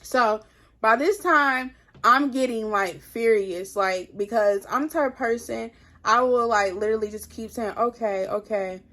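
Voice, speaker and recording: A young woman with a fairly high voice tells a personal story for her vlog. She talks casually and animatedly, scattering "like" everywhere. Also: unhurried. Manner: animated, heavy filler "like". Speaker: vlogger.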